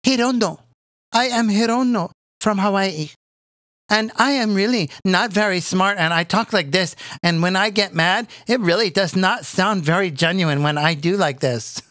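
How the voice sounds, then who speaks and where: A man putting on the voice of a slow-talking, dim-witted woman senator in a mocking singsong. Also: high voice, fairly bright tone, no echo, clean studio sound.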